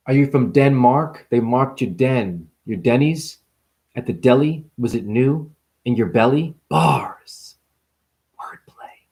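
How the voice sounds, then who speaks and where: A man rambling through a spiritual vlog monologue, punning in rapid free association, swearing and laughing as he preaches. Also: medium pitch, warm tone. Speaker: spiritual vlogger.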